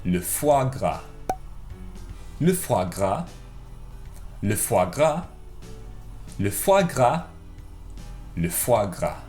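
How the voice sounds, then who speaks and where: A man's voice: on the low side, big pitch swings, extremely slow, pauses often, a little mellow. A man teaching a playful French lesson for children from a home kitchen, repeating words for pupils to copy. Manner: playful, drills words with varied voices. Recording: echoey room with faint music.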